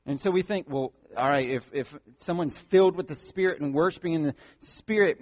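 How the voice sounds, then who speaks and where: Male pastor, fairly high voice, emphatic sermon delivery, long church-hall reverb on a dull recording. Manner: emphatic, repeats points with frequent "all right?".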